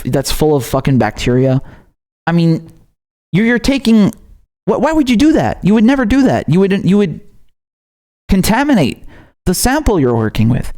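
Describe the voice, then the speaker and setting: A Syrian man hosts his own political commentary show, delivering a heated rant full of heavy profanity and stumbling over repeated words as he gets worked up. His voice is a little high and a little mellow.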